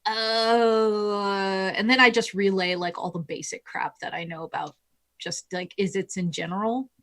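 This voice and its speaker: A woman playing a tabletop game, joking with quick quips. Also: medium pitch, fairly even intonation, fairly bright tone. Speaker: player. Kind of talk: casual tabletop play.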